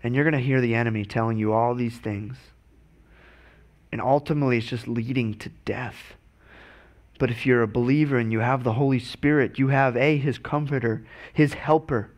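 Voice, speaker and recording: A man's voice: medium pitch, fairly even intonation, normal speed. A man preaching a sermon as pastor, earnest and often stumbling over and repeating his words.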